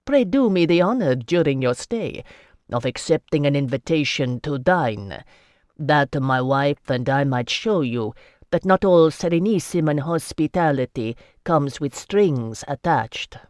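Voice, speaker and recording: The audiobook narrator voicing a haughty, quick-tempered male nobleman with a forceful, cutting way of speaking. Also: mid-range voice, expressive, no room sound, studio quality, close to an everyday voice. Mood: cynical.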